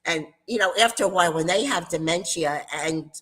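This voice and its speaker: An older woman co-hosting a casual chat, telling animated stories and laughing often. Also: fairly low pitch, a little fast, husky, poor audio. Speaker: co-host.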